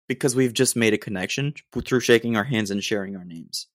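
A low-voiced American man rambles through a solo podcast rant. He digresses often and sounds mock-exasperated. The sound is dry and close, with no room around him. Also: fairly quick, no echo. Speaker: podcast host.

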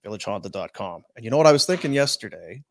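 A man hosting a sports podcast, chatting casually and reading sponsor ads in an animated way, with laughs and loud outbursts. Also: lowish voice, fast. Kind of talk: casual sports chat with ad reads.

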